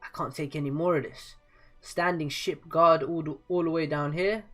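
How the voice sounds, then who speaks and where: The voice is a cocky young soldier with rough village talk, as a man reads him out from a manga. He is a boastful brawler who wants to fight. The voice sits a little high. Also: steady tone, normal speed, fairly bright tone, soft background music, close to an everyday voice. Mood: grumbling.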